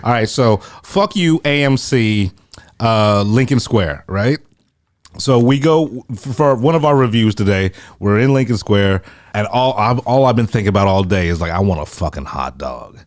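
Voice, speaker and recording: A drunk man co-hosting a movie podcast, telling stories in animated, profane casual chat. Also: lowish voice, normal speed, no room sound, studio quality. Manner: animated storytelling, swears a lot. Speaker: podcast co-host. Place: recording studio.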